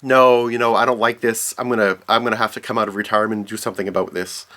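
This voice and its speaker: A weary retired male vigilante, as a man puts him on, talking in an offhand, grudging way and rushing through his reluctant decision. It is close to the man's own casual voice. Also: on the low side, fairly even intonation, pushed and bright, pitched below the performer's own voice.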